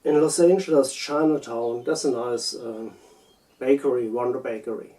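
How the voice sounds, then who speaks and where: Male, German accent, unscripted musing, halting delivery, dark tone, slightly distant from the mic. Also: mid-range voice, fairly even intonation. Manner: hesitant, halting with repeated words. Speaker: video essayist. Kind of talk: unscripted personal reflection.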